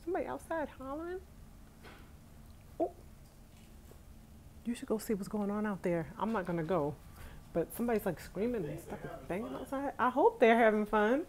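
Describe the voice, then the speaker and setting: A woman's voice: a little high, normal speed, long pauses, slight background noise. Chatty woman live-streaming from home. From Brooklyn, New York, USA. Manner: chatty and animated, talks straight to viewers with Southern "y'all". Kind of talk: casual live-stream chat. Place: at home, indoors, on her bed on a rainy day.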